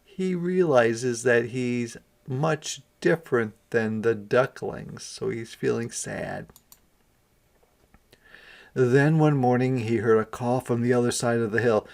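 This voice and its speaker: A man, a kindergarten teacher, reading a picture book aloud to young children and pausing to explain words. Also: mid-range voice, vocal fry.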